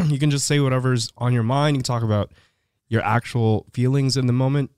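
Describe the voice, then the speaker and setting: A man's voice: mid-range voice, fairly even intonation, a little fast, a little mellow, clean tone, dry recording, clean studio sound. A man chatting as a podcast co-host, agreeing readily with short affirming replies. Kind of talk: casual chat.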